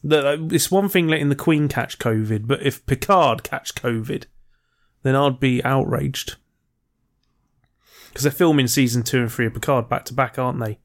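A man's voice: mid-range voice, moderate pace. Dry-witted man in casual chat. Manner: dry, offhand quips, rambling restarts. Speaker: podcast co-host.

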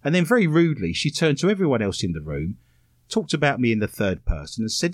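Lively, playful male radio host. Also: a little high, fast talker, no room sound, studio quality. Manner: playful, teasing, full of innuendo. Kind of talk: comedic radio chat.

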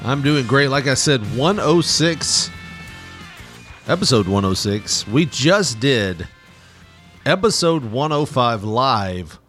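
A man's voice: medium pitch, big pitch swings, slow, fairly bright tone, soft background music. A man hosting a podcast in casual, joking chat, laughing often. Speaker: podcast host.

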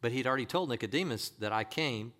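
A man's voice: medium pitch, expressive, fast talker, fairly bright tone. A man preaching a sermon, emphatic and direct, firing rhetorical questions at the congregation.

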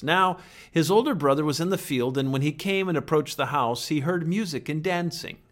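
A man delivering a sermon with earnest conviction, his voice sitting a little higher than most men's. He leans hard on key phrases and lets dramatic pauses hang before dropping to a hush. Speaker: pastor.

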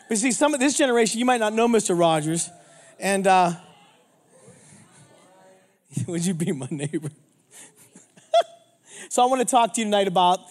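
A man in his fifties from Pittsburgh, preaching an energetic, joking sermon as a traveling minister, often throwing questions to the congregation. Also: high-pitched. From Pittsburgh, United States.

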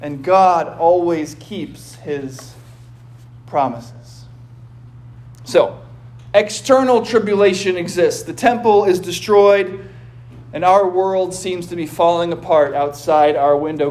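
A male pastor preaching a sermon in a measured way, at times rising into pleading cries. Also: high voice, darkish tone.

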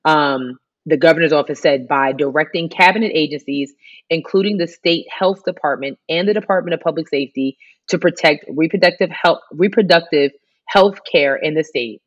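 A woman's voice: low voice, moderate pace. A woman co-hosting a casual podcast, chatting about the news with many restarts and fillers. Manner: chatty, lots of likes and restarts. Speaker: podcast co-host. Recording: dull lo-fi sound.

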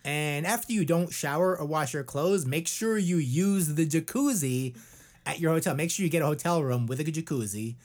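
A man's voice: a little high, normal speed, darkish tone. A man co-hosting a podcast, rambling and joking in casual chat, often restarting his sentences. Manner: rambling and jokey, with many restarts. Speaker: podcast co-host.

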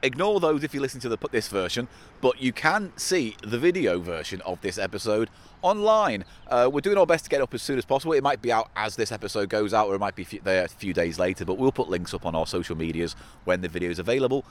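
A man's voice: lowish voice, lively intonation, quick pace. A man hosting a comedy podcast, playful and jokey in casual banter.

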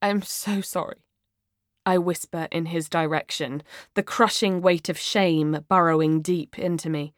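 Slow, expressive woman audiobook narrator. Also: low-pitched, no room sound, clean studio sound. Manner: expressive, dramatic reading. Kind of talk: first-person audiobook narration.

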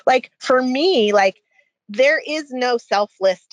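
A woman's voice: sits high, animated, no echo. A woman guest in a casual podcast conversation, talking enthusiastically with lots of fillers. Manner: enthusiastic, talks fast with many fillers.

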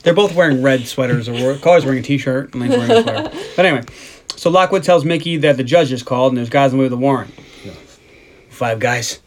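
A man's voice: mid-range voice, lively intonation. A man hosting a podcast, casually recapping a film's plot and acting out the characters' lines as he goes. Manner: retells scenes with quick quoted lines and laughs. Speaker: podcast host. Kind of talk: casual movie recap chat.

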